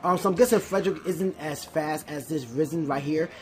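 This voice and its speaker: A Let's Play host giving casual gameplay commentary, often stumbling, restarting words and filling pauses with "um". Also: medium pitch, soft background music.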